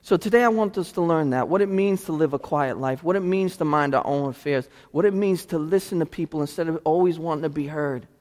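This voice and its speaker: A male pastor delivers a sermon in a church, his voice a touch higher than most men's. The sanctuary gives every phrase a long, lingering reverb. He moves between hushed, drawn-out moments and loud, animated bursts.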